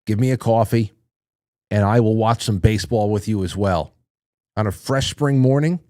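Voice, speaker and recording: A man's voice: on the low side, moderate pace, darkish tone, dry recording, studio quality. A man hosting a casual livestream, reading viewer messages aloud and rambling through his thoughts with fillers and restarts. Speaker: talk show host reading chat messages.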